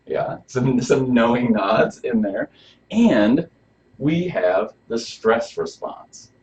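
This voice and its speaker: In a dull, lo-fi recording, a chiropractor with a mid-range, slightly mellow voice runs a health workshop before a small live audience. He's animated yet slow-paced, keeping things casual and asking listeners questions.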